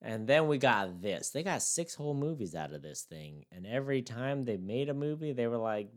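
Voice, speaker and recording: A man's voice: mid-range voice, animated, quick pace. A man co-hosting a casual comedic movie chat, wry and incredulous. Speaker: podcast co-host.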